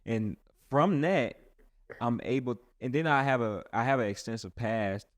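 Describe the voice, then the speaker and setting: A man's voice: mid-range voice, normal speed, no echo, studio quality. A man who is a pastor, talking earnestly and casually in a rambling way with many restarts. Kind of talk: casual podcast chat.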